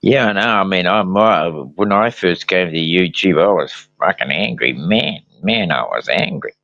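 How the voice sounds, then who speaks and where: Very deep guy talking slow, laid back, dry dull sound. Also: expressive, vocal fry, pushed and bright. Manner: slow, easygoing, swears casually. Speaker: host. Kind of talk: casual conversation.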